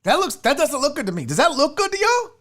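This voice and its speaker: A woman's voice: high-pitched, very animated, fast talker, a bit bright. A woman hosting a casual livestream chat, blunt, profane and mocking as she reacts. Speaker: sports show host.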